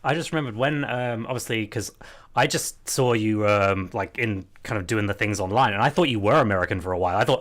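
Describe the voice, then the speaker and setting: A man's voice: fairly low pitch, fast, fairly bright tone. A man hosting an interview, talking in a casual, rambling way with fillers. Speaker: podcast host.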